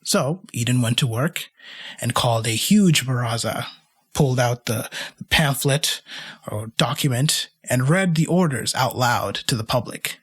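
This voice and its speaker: Male history podcaster; husky tone, lively delivery, chatty and wry. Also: medium pitch, measured pace. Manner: animated, wry, asides to listeners. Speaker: podcast host. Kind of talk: casual storytelling narration of history.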